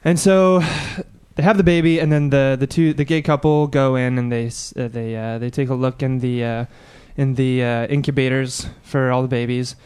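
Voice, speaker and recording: A man with a smooth, resonant voice in relaxed banter among friends. He feels his way through a joke, stalling on fillers. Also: mid-range voice. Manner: halting, lots of uh fillers. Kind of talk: casual joke-telling chat.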